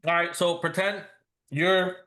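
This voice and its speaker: A man leads a training session for real estate agents, talking loosely and often stumbling over restarts. His voice sits a bit high for a man. He slips into quick acted bits of agent and client talk. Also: little pitch movement, sharp tone. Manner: casual, repetitive restarts, acts out client talk.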